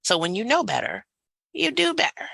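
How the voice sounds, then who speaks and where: A woman presenting a faculty workshop over a video call, talking in a lively way and laughing easily. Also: fairly high pitch, moderate pace, creaky, dry recording, rough recording.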